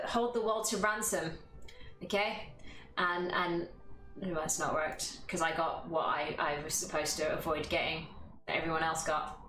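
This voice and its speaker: A woman's voice: lowish voice, a bit bright. Chatty woman yoga teacher with a cough. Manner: chatty, laughing, swears freely. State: has a cough. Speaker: yoga instructor and streamer. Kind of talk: casual live-stream yoga class chat. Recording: roomy room with faint music.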